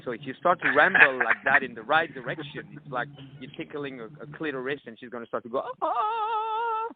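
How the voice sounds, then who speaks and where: A man's voice: medium pitch, quick pace. A man speaking as a dating coach at a live seminar, blunt and crude. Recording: tinny phone-like audio.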